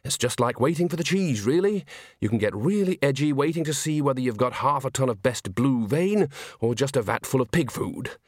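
A man's voice: medium pitch, animated, a little fast, no room sound, clean studio sound, lightly acted. A man voicing a nervous, fussy middle-aged theatre owner who stammers and rambles when flustered. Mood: rambling.

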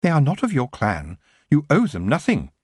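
A man voicing a proud, imperious female elf, a former queen, high and cold. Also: huge pitch swings, moderate pace, darkish tone, slightly rough, dry recording, studio quality, exaggerated voice. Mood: questioning.

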